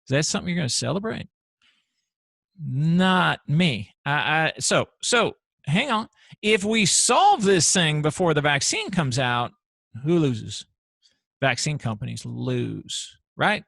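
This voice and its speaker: A man hosting his own show, giving an animated, rambling solo commentary full of restarts. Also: fairly high pitch, takes it slowly, gravelly, dry recording. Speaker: show host.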